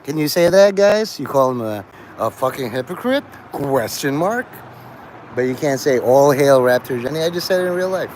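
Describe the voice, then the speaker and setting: A man's voice: mid-range voice, lively intonation, normal speed, darkish tone, slight background noise, poor audio. A man hosting a livestream, talking to his chat in a crude, rambling way and laughing at his own jokes. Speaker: livestream host.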